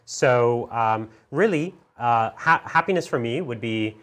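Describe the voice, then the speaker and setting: Halting man talking through a wargame turn. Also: medium pitch, expressive, fairly bright tone. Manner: hesitant, halting with many fillers. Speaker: wargame player. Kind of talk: casual tabletop battle report chat.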